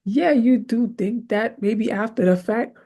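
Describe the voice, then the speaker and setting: Hosting a faith podcast, this woman has a fairly high pitch and a measured pace. She gives a motivational, faith-based talk in a conversational, lively way, frequently asking "right?", laughing readily, and voicing her prayers out loud as if performing them.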